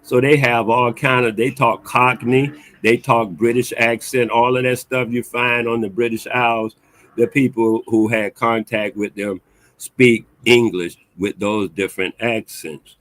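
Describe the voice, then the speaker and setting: A man's voice: mid-range voice, steady tone, a little slow, fairly bright tone, dry recording, low-quality recording. A man in a casual discussion, explaining his view patiently with some hesitations. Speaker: podcast panelist.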